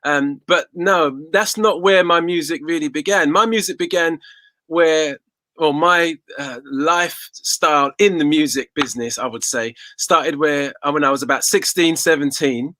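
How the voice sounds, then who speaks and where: Bright-voiced man in his forties, reflective. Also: a little high, moderate pace, no room sound. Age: 40s. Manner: reflective, storytelling, repeats words as he thinks. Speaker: guest singer. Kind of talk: casual interview conversation.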